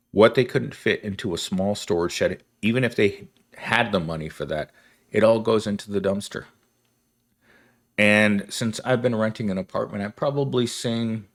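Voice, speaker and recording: A young man giving a rambling, wry monologue commentary, correcting himself and laughing as he goes. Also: fairly low pitch. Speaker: commentary host.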